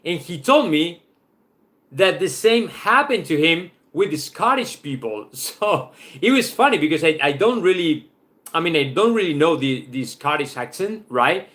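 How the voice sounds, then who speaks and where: A man's voice: a little high, big pitch swings, a little slow, a bit bright. A man from Spain with a Spanish accent, speaking English as a second language, hosts a football channel in casual live-stream chat, loose and chatty, often tagging "right?" onto his points.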